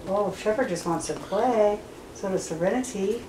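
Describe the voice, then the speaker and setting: A woman's voice: medium pitch, moderate pace. A woman breeder talking casually about her puppies, slipping into cooing baby talk. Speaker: dog breeder. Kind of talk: casual vlog narration. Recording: roomy, from far off, noisy.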